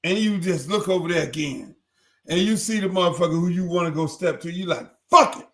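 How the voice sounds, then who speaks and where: Older man, host, profane animated commentary, high-pitched, acts out voices. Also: brisk. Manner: animated, acts out others' voices, heavy cursing.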